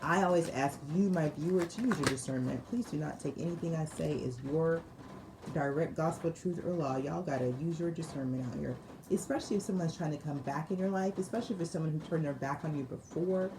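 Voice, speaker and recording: Low-pitched lady doing a chatty tarot reading, laughs a lot, bit of hiss behind her. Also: a little fast. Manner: laughs often, repeats phrases for emphasis, uses slang. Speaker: tarot reader. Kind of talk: casual tarot reading to viewers. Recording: noticeable background noise.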